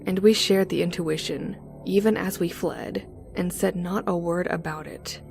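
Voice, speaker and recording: Woman reading a scary space story, slow, gravelly, faint music behind. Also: lowish voice. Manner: slow, deliberate first-person telling. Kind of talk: dramatic horror story narration.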